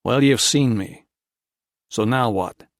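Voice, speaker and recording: A man's voice: medium pitch, slow pace, no echo. A male narrator voicing a bitter, fallen camp racketeer who speaks curt and insulting, recorded dry. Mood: sullen.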